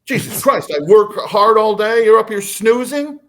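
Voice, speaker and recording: A man voicing an angry working father who yells and makes demands. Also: medium pitch, expressive, normal speed, slight background noise, natural voice. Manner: yelling, demanding.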